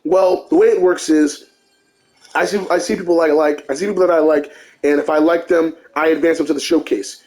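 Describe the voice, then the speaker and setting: A man voicing a loud, flattering older Italian-American talent agent who repeats himself as he makes his pitch. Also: fairly quick, lightly acted. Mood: persuasive.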